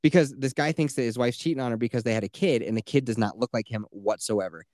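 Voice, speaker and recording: Fast-talking and a little mellow, this medium-pitched man hosts a podcast and spins out a rambling, profane tale in easy chat, stuffing it with "like" and other fillers. The recording is clean studio audio with no room sound.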